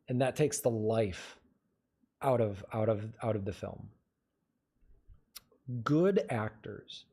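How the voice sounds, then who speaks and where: A man's voice: mid-range voice, mellow, slightly rough. A man hosting a livestream, casually giving advice and answering viewer questions in a conversational way. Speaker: livestream host.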